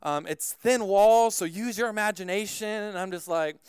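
High, smooth-voiced pastor telling stories. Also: male voice, normal speed, no echo, studio quality. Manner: animated storyteller, frequent "like" fillers. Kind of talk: sermon with personal storytelling.

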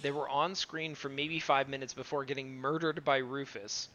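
A man's voice: medium pitch, steady tone, normal speed, pushed and bright. A man co-hosting a casual anime review podcast, rambling and sarcastic, swearing as he recaps the plot. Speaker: podcast co-host. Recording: dull lo-fi sound.

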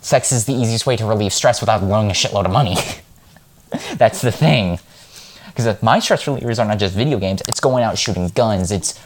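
A man vlogging in a casual monologue, talking in a frank, rambling and heated way. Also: medium pitch.

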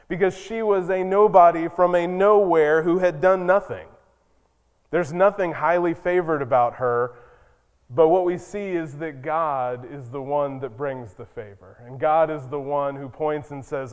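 A man's voice: a little high, a little slow, smooth. Guy preaching a sermon, chatty storyteller, big church echo. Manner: conversational, storytelling, emphatic. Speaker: pastor. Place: church sanctuary. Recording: long reverb in a church.

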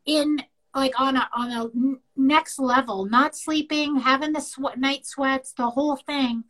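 A middle-aged woman shares a personal story on a podcast, acting out what others said. Her voice sits high and sounds bright and sharp, and she tells it with open, animated emotion. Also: unhurried, rough recording. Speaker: podcast co-host.

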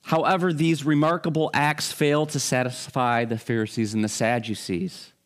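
A man's voice: mid-range voice, fairly even intonation, moderate pace. A man preaching a Bible teaching sermon in a conversational way, with frequent restarts and fillers.

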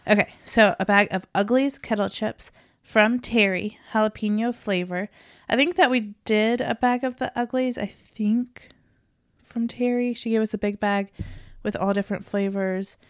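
A woman's voice: mid-range voice, steady tone, moderate pace, dry recording, studio quality. A woman hosting a podcast in casual chat, a bit out of breath and tired, rambling as she talks. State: out of breath, recovering from illness. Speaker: podcast host.

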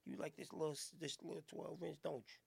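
A man voicing a deep-voiced, smooth male seducer who murmurs low, teasing lines. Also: flat delivery, fast, darkish tone, exaggerated voice. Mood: seductive.

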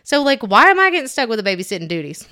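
A woman's voice: on the high side, sing-song, rapid-fire, pushed and bright. A young adult woman co-hosting a podcast, chatting casually and telling stories with lots of fillers and restarts. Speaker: podcast co-host. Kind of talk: casual chat.

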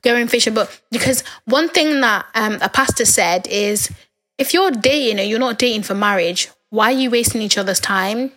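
Chatty young woman, slightly hoarse. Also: on the high side, normal speed, fairly bright tone. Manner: candid, rambling, chatty. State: losing her voice, a bit hoarse. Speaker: podcast host. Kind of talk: casual podcast monologue.

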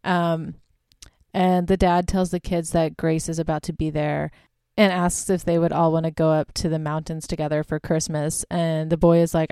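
A woman's voice: deep voice, flat delivery, normal speed, warm tone, smooth, no room sound, studio quality. A young woman hosting a podcast, casually recapping a horror movie in a chatty way full of filler words. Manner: chatty, lots of "like" and "um". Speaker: podcast host.

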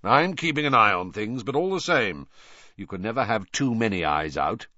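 Guy doing a gruff old wizard, growly, clipped, low, dull muffled audio. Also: lively intonation, normal speed, bright, forceful tone, dry recording. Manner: curt, clipped and watchful. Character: gruff grizzled old male wizard auror, wary.

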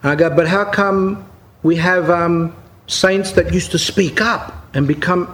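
A man preaches in an unscripted, chatty way, mixing stories with emphatic points. His voice sits a little higher than most men's and climbs further when he stresses something. He reads from an account and then retells it in his own words. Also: fairly even intonation, measured pace, a bit bright. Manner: reads aloud from a written account then paraphrases it. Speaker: Orthodox Christian speaker giving a talk. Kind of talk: informal spoken sermon with anecdotes.

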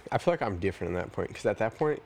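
A man's voice: lowish voice, lively intonation, rapid-fire, vocal fry, darkish tone. A young man co-hosting a podcast in casual chat, earnest and reflective, often hedging his views. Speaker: podcast co-host.

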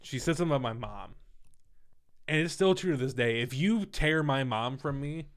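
A young man in his twenties telling a personal story in casual, profane, animated talk. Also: mid-range voice, moderate pace. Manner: candid, profane, animated retelling.

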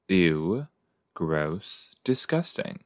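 A man hosting a podcast, chatting casually as he reacts to an episode he is watching, with frequent exclamations and groans of disgust. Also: low voice. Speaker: podcast host.

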